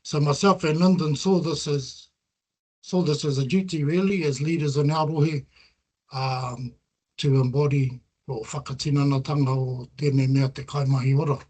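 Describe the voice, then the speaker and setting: Earnest New Zealand man, fairly high voice. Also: fairly even intonation, moderate pace, a little mellow, husky. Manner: earnest and reflective, weaving Māori terms into English. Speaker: researcher presenting his work. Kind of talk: presentation talk with slides.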